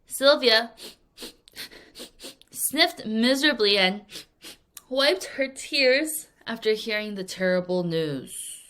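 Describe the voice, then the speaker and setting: A woman's voice: medium pitch, takes it slowly, pauses often, a bit bright. A woman teaching English vocabulary to young students in a recorded lesson, acting out example sentences playfully and laughing often at her own acting.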